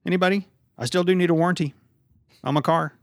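A man's voice: sits high, fairly even intonation, fast talker, no room sound. A playful man hosting a casual podcast, given to jokes and acting out silly scenes. The sound is dry and close. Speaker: podcast host. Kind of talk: casual chat.

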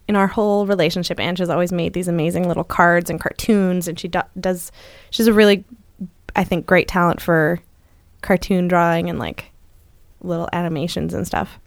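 Woman co-hosting a podcast, lively storyteller, jumps up high when she quotes people, dry close mic. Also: dry recording. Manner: animated, acts out quoted lines with jumps in pitch. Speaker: podcast co-host. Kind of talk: casual storytelling chat.

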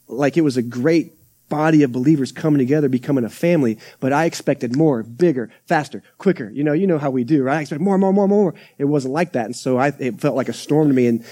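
A man's voice: medium pitch, mellow. A young adult man, a pastor preaching a conversational sermon with acted-out quotes and asides. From Texas. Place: church sanctuary.

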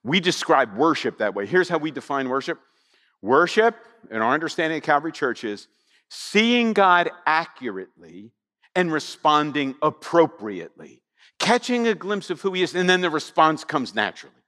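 Male pastor, high and lively voice, chatty sermon style, long hall reverb. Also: normal speed. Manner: animated, conversational, frequent rhetorical questions.

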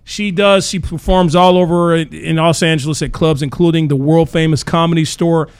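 A man's voice: a little high, fairly even intonation, moderate pace, smooth, dry recording. A man hosting a radio talk show, giving upbeat introductions and joking around. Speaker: host. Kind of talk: casual chat.

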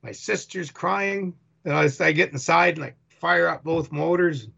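A man tells a long story in a casual, rambling way, slipping into what people said as he goes. His voice sits a little high for a man and has a gravelly, husky edge. The recording is dull and lo-fi. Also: moderate pace. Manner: rambling, animated retelling with acted-out quotes. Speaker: boat tour operator telling an encounter story. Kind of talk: casual first-person storytelling.

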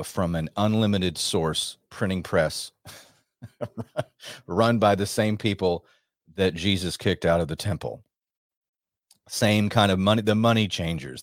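Man, radio host, deep voice, dry studio sound, emphatic, restarts often. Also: dry recording. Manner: emphatic, rambling, with frequent restarts. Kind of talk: monologue commentary.

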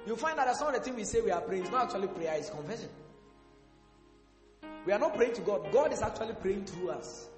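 A male pastor preaching a sermon, asking the congregation questions and breaking into sudden shouts. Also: sits high, lively intonation, brisk, long pauses. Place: church hall. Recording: echoey hall with faint music.

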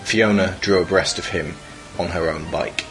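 Deep-voiced man reading a deadpan story. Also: moderate pace, music in the background, rough recording. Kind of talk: reading a comic story aloud.

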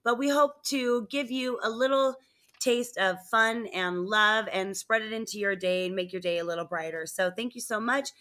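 A woman's voice: fairly high pitch, moderate pace. A woman co-hosting a podcast, telling funny stories in a casual chat and laughing often. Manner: animated storyteller, laughs often. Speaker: podcast co-host.

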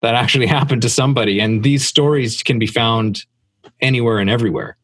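A man in a relaxed podcast conversation, speaking loosely with frequent "like" and easy laughter. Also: medium pitch, fast talker, dry recording. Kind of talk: casual conversation.

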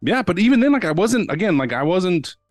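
A man's voice: high voice, big pitch swings, brisk, dry recording, studio quality, faint music behind. A man telling a long story as a podcast guest, rambling, with many restarts and acted-out quotes. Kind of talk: casual storytelling.

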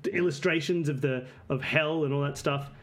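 Man, game master, rambling narration, slightly high voice. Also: fairly bright tone. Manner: rambling, halting descriptions.

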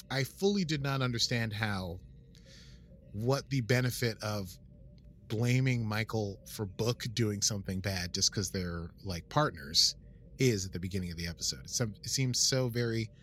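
A man chatting casually about a TV episode in a nerdy, animated way. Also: fairly low pitch, normal speed, slight background noise. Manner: nerdy, animated, puts on silly voices. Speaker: podcast co-host. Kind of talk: casual chat.

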